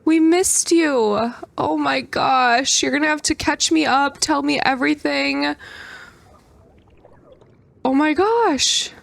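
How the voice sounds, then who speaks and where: Brief: young woman, high voice, unhurried gameplay commentary that bursts into squeals. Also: gravelly, dry recording. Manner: excitable, with squealing outbursts. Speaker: gaming creator.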